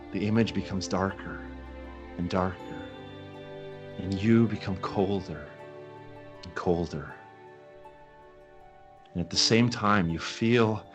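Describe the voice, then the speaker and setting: A man running a tabletop game as game master, telling the scene in a slow, dramatic way with long pauses. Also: lowish voice, fairly bright tone.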